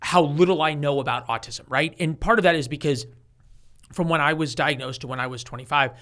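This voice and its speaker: Animated storyteller man in his forties. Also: fairly high pitch, brisk. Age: 40s. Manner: animated storyteller who acts out quoted voices, with frequent restarts. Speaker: guest author. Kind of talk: storytelling in a conversational interview.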